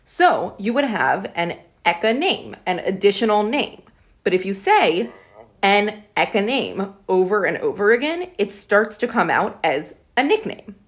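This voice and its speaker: A woman's voice: medium pitch, sing-song, moderate pace. A young woman casually explaining word origins to her viewers in a chatty, upbeat way, with plenty of "like" fillers. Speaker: educational video creator.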